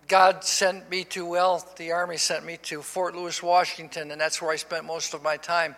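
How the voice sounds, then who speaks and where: A pastor in his sixties preaches a sermon in a church sanctuary with a high, bright tenor, speaking slowly and deliberately. His delivery swells into shouts with call and response, and the long church reverb carries every word.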